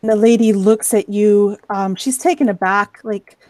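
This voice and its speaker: A woman running a tabletop game as game master, narrating scenes in a measured, descriptive way. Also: medium pitch, fairly even intonation, darkish tone, no echo.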